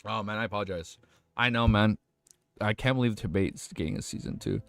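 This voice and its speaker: A young man livestreaming, chatting casually with his chat and reading a web novel aloud, excitable and swearing freely. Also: on the low side, a little fast, creaky, no room sound.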